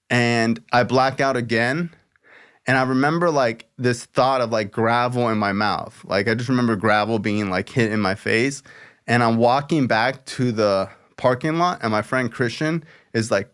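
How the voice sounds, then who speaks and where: A podcast host with a smooth, mid-range male voice tells a story at a moderate pace in casual conversation. He's animated and performs the voices of the people he quotes.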